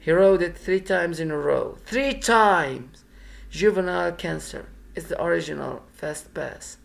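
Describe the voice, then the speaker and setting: A man's voice: a little high, measured pace, creaky. A man reading the lines of a blunt young woman with cancer, in a dry, sardonic way.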